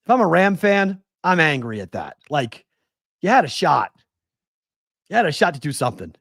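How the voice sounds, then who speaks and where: A man's voice: a little high, sing-song, normal speed, creaky, fairly bright tone, breathy edge, no room sound, studio quality. A man in his forties hosting a sports talk show, ranting with exasperated rhetorical questions. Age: 40s. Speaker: sports betting show host. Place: West Coast.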